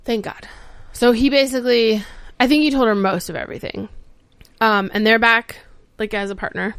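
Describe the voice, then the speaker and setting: A woman podcast host giving a casual, animated recap of a TV episode, acting out the characters' lines and swearing freely. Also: fairly high pitch, normal speed, smooth, no echo. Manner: animated storytelling, acts out quotes, swears freely.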